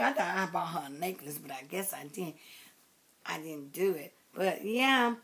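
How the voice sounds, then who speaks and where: A woman rambles affectionately to her viewers in a loose, casual vlog. Her talk wanders from thought to thought, and her voice often sinks to soft, low murmurs while she fusses with what she is holding. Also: moderate pace, slight background noise. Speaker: doll collector vlogger. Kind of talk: casual chat to camera.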